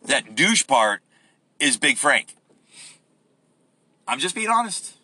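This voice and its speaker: A man's voice: medium pitch, big pitch swings, slow pace, bright, forceful tone, husky, no room sound. A man ranting casually while driving, rambling and profane, rude and crude by his own account. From United States. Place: in a car on the road.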